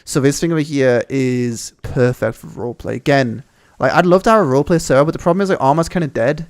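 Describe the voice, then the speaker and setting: Speaking quickly in a mid-range voice, a young man on a gaming channel shows off a game map with eager, rambling remarks and frequent swearing.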